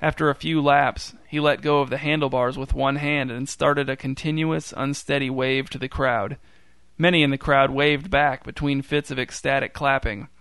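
Male narrator, mid pitch, dry deadpan delivery, clean dry studio read. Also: normal speed, clear, resonant tone, no echo. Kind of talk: scripted story narration.

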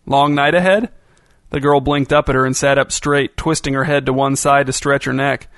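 A man narrating a novel in a steady, even storytelling voice. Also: mid-range voice, a little fast, no echo. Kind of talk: audiobook narration.

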